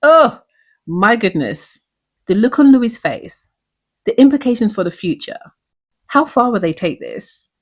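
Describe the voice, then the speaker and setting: A woman's voice: a little high, lively intonation, normal speed, a little mellow. A woman hosting a recap show, talking in an earnest, reflective way and asking many questions. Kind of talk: recap commentary.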